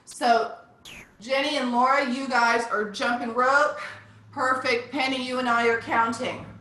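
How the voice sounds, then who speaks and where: Her bright, forceful voice sits high, with fairly even intonation and an unhurried pace. She's a fitness instructor leading a live online class by video call, counting down reps in an upbeat, encouraging way, captured in an echoey room at a distance from the mic.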